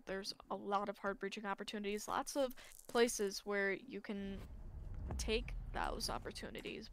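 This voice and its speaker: A tired woman casting a live match, talking loosely and laughing between her points. Her voice sits at an average pitch for a woman. She runs through her reasoning in an easy, chatty flow. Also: a bit bright. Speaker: esports caster. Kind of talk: live esports commentary.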